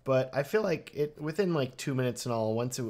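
A man's voice: mid-range voice, animated, brisk, a little mellow. A man hosting a live stream of film reviews, joking around and talking straight to the chat. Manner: playful, jokey, addresses chat directly.

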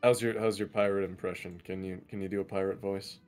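A man playing a tabletop game, speaking in character in a smug, deliberate way. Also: sits low, little pitch movement, darkish tone, faint music behind. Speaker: player.

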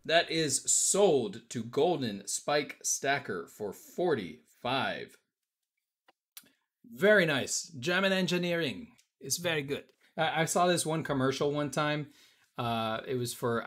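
A man's voice: medium pitch, a bit bright. A man hosting a casual live-stream auction, calling out bids and chatting with viewers in an upbeat way. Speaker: auction host.

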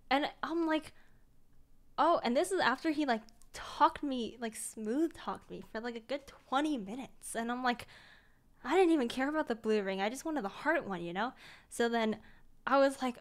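A young woman chats casually on a stream, her voice sitting a little high. She tells a story with plenty of filler words. She jumps up in pitch and volume whenever she quotes someone. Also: normal speed. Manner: animated, acts out quotes in higher voice, laughs often.

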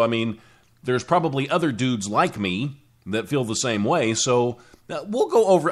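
A man's voice: mid-range voice, a bit bright. A man hosting a casual solo talk show, rambling and correcting himself as he goes. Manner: rambling, self-correcting, with frequent restarts. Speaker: radio talk show host.

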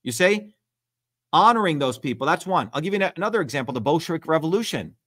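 A man's voice: on the high side, sing-song, fast, fairly bright tone. A middle-aged man hosting a livestream, talking bluntly and emphatically with lots of profanity. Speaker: host. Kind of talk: heated livestream talk.

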